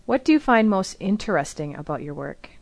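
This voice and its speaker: A woman asking a series of interview questions in a plain, even manner. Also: medium pitch, brisk, creaky.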